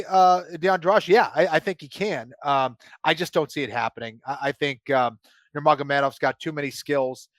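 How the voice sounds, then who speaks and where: A man's voice: mid-range voice, fairly bright tone, dry recording. A man co-hosting a podcast, breaking down fights with lots of hesitations and filler sounds. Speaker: podcast co-host. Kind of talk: podcast chat, fight analysis.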